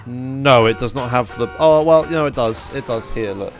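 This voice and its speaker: A man's voice: mid-range voice, normal speed, soft background music. A young man from England chatting casually on a live stream, ranting in disbelief with lots of swearing and laughter. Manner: animated, incredulous ranting with frequent swearing and laughs.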